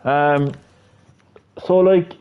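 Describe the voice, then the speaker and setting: A man's voice: fairly high pitch, steady tone, drawn-out words, smooth, narrow, tinny audio. An Irish man giving a casual, rambling opinion monologue full of fillers and swearing. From Ireland. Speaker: video creator.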